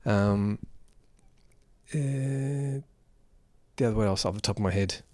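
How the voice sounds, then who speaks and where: A man's voice: fairly low pitch, takes it slowly, a little mellow, dry recording. A man giving an unrehearsed film review, rambling and exasperated.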